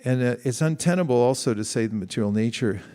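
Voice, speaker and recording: A man's voice: medium pitch, quick pace, dark tone. A middle-aged man giving a conversational sermon, asking the audience questions and acting out quoted exchanges. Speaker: spiritual teacher.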